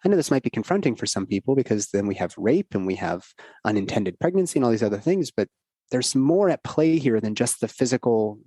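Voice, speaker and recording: A middle-aged man talks earnestly as a podcast guest, rambling from thought to thought. His voice sits in a middle pitch. The sound is dry and close. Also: very animated, a little fast, mellow, no echo. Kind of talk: casual podcast conversation.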